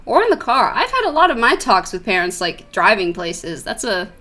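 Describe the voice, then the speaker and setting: A woman's voice: mid-range voice, big pitch swings, moderate pace, sharp tone. Chatty young woman streaming a game. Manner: chatty, giggly, rambling asides. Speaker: streamer playing a visual novel. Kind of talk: let's-play commentary and reading aloud.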